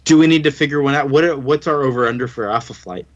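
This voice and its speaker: A man's voice: medium pitch, fast talker, muffled recording. A man co-hosting a comics podcast in casual, joking chat, rambling and now and then putting on silly voices. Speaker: podcast co-host.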